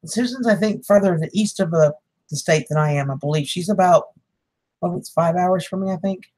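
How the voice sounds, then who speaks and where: A woman's voice: lowish voice, brisk, mellow. A woman, hosting a casual livestream, chatting with viewers, greeting them by name and laughing often. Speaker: livestream host.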